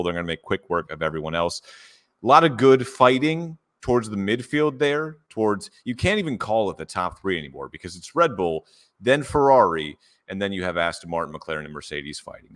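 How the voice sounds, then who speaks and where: A young man hosting a casual sports podcast, smooth and animated, speaking close to the mic. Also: low voice. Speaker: podcast host.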